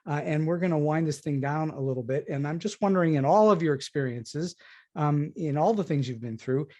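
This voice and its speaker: A male podcast host with a fairly high voice puts long, friendly questions to his guest. He laughs often between the answers. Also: brisk, mellow.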